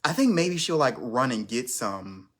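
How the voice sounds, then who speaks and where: A man's voice: mid-range voice, sing-song, measured pace. A man hosting his first live stream, chatting casually in a rambling, self-conscious way with lots of restarts.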